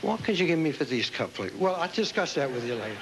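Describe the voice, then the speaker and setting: A man hosting a pageant, interviewing contestants on stage with quick, joking banter. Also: fairly high pitch, very animated. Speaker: pageant host. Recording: noisy live stage recording.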